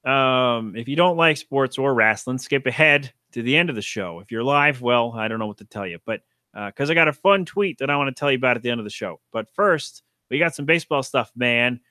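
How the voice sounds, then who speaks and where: A man's voice: medium pitch, animated, brisk, pushed and bright, dry recording, studio quality. A man hosting a casual solo podcast, rambling offhand and self-deprecating about sports, with casual swearing. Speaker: podcast host.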